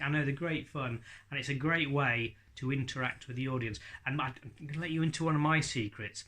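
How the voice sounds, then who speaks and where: Bright-voiced male ventriloquism teacher. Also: mid-range voice, a little fast, hardly any pauses. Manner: chatty, addresses viewers directly. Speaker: ventriloquism instructor. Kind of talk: friendly tutorial talk.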